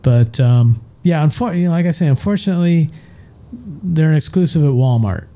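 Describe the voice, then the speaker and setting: A man's voice: a little high, expressive, normal speed, dark tone. A man co-hosting a casual chat show, rambling and enthusiastic as he talks. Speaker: co-host, show's chief engineer.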